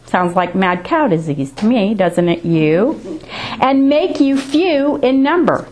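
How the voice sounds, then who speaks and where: A woman's voice: medium pitch, animated, slow, darkish tone. A woman preaching a sermon, reading scripture aloud and driving her points home with rising and falling emphasis.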